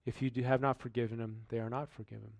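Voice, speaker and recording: A man's voice: medium pitch, level tone, fast, vocal fry, darkish tone, no echo. Man preaching in a dry room. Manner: reads scripture then comments conversationally, rhetorical questions. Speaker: pastor. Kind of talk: sermon.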